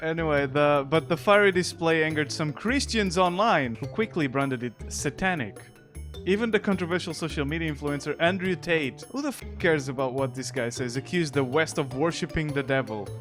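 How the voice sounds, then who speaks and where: Portuguese-speaking guy mocking the news, kinda high voice, jokey and sarcastic, some music quietly behind. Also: normal speed. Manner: sarcastic, jokey, laughing often. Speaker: streamer. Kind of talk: casual news commentary.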